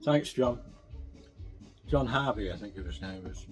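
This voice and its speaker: A man's voice: fairly low pitch, expressive, a little slow. A man chatting casually as he cooks and eats on camera, self-mocking and talking with his mouth full. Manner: chatty, self-mocking, talks while eating. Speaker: cooking vlogger. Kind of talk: casual cooking vlog chat.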